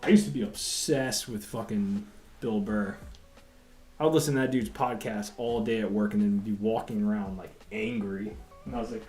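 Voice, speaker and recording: A man's voice: on the low side, moderate pace, darkish tone. A man chatting casually while drawing on a livestream, rambling, swearing freely and laughing often. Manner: laid-back, rambling, profane, laughs often. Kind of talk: casual chat. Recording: roomy echo, faint music behind.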